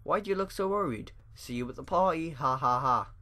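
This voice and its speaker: Guy reading a mean teen bully brother, mocking and flat, highish voice. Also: fairly quick. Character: taunting teenage older brother bully.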